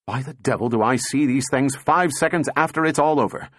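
A man's voice: medium pitch, fairly quick, a bit bright, dry recording, clean studio sound, natural voice. A man playing a tense, impatient male engineer who speaks in an urgent, clipped and exasperated way. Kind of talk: audiobook character voice.

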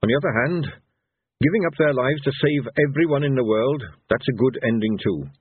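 A man's voice: mid-range voice, a little fast, husky, dry recording, pitched above the performer's own voice, natural voice. A man voicing an earnest, hopeful young male captain, with a tinny, phone-like sound.

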